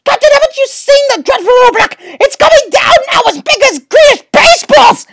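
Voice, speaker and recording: A woman's voice: very high voice, expressive, brisk, raised voice, a little hiss or hum. A woman reading aloud, voicing an eager young page boy who urgently warns and pleads. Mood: pleading.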